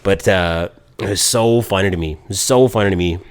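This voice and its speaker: A man's voice: low voice, a little fast, clean tone. A man co-hosting a podcast, telling a story in casual chat and quoting people as he goes. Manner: animated storyteller, quotes people in voices. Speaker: podcast co-host.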